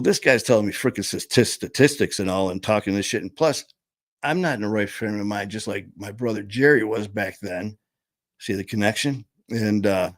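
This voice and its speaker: A man telling a personal story, candid and blunt, swearing freely and pausing often. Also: on the low side, no room sound. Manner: halting, full of fillers and restarts.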